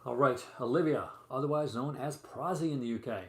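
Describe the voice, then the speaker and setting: A man's voice: medium pitch, brisk. A man hosting a casual live stream, chatty and rambling as he shows off movie releases at home. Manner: chatty and rambling, many fillers and asides. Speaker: host showing physical media releases. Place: room at home. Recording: roomy echo, faint room noise.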